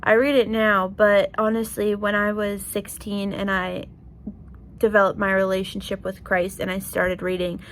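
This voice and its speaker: A young woman talking straight to her viewers in an earnest, emotional vlog, filling her sentences with "like" and "you know". Her pitch sits in a middle range for a woman. A faint hiss of noise stays under her voice. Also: monotone, normal speed. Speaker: vlogger. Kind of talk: heartfelt casual vlog talk.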